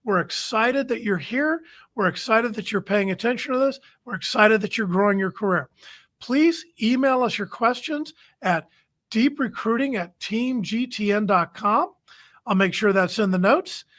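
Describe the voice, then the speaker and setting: A man's voice: high-pitched, normal speed, fairly bright tone. Man, recruiting coach, talking to camera, firm, instructive, plain-spoken tips. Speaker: recruiting coach and show host. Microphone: camera-facing webcast.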